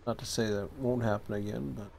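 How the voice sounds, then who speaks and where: A man giving casual, thinking-aloud commentary while playing a train dispatching game, low-key and a bit sleepy. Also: steady tone, fairly quick, creaky, darkish tone, a little hiss or hum. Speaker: streamer.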